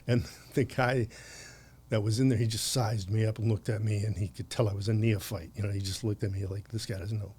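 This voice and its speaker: A man's voice: lowish voice, level tone, a little fast, a little mellow, husky. A man in his sixties from the United States, a podcast guest telling long anecdotes with frequent laughs and restarts. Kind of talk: conversational anecdote.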